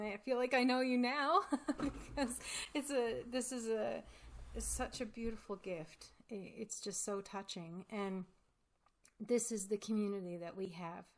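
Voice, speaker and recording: Woman chatting on her craft vlog, bit of fry in her voice, heartfelt and halting, lots of pauses. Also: mid-range voice, darkish tone. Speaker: crafting channel host. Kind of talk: casual vlog chat.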